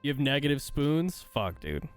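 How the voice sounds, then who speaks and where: A man's voice: medium pitch, very animated, normal speed, clear, resonant tone, soft background music. A man from the United States hosting a livestream, ranting in a heated, profane, exasperated way while reading and answering chat. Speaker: streamer host.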